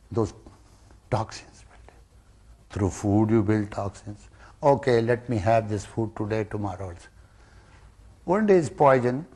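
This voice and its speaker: A man giving a spiritual discourse to students, emphatic and full of rhetorical questions, jumping from loud rises to soft drops. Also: mid-range voice. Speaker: spiritual teacher.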